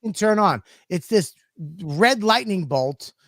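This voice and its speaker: A podcast host man ranting through a story, swearing constantly and getting worked up. His voice is pitched a bit high and sounds close and dry. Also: measured pace, no echo. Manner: profane, animated ranting.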